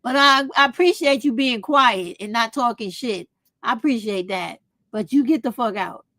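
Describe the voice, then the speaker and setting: A woman's voice: fairly high pitch, moderate pace, pushed and bright, no echo. A woman, talking straight to her viewers in a casual opinion vlog, blunt and profane. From United States. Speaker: vlog host.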